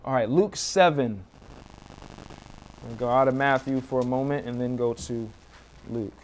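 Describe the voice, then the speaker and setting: A man's voice: medium pitch, measured pace, slight background noise. A young American man preaching a sermon as a guest pastor, telling stories with animation and acting out the cries of children.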